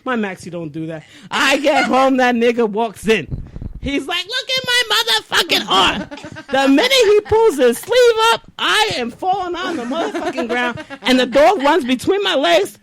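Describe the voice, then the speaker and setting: A woman hosting a casual podcast, telling a story in an animated, profane way and laughing often. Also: sits high, moderate pace, a little hiss or hum.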